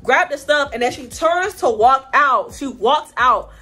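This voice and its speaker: A young woman telling a storytime vlog in an animated, slangy way, acting out the people in her story. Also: high-pitched, a little slow. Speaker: vlogger.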